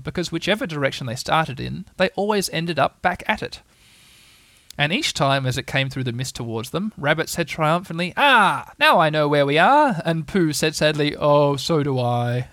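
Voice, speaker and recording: A man's voice: a little high, fairly bright tone, no room sound. Man narrating a storybook, dry close sound. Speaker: audiobook reader.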